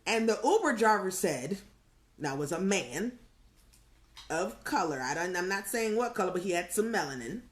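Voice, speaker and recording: A middle-aged woman co-hosting a live online chat show, telling stories in a loose, lively way and slipping into the voices of the people she quotes. Her voice sits in a middle register. The sound has a roomy echo, typical of a video call from home. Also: mid-range voice, normal speed. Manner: animated storyteller, acts out quotes. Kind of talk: casual chat, storytelling.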